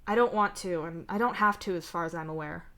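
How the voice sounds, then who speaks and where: Stiff, guarded young psychic, read by a woman, low and clipped, storybook reading. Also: brisk, fairly bright tone. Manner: curt, stiff.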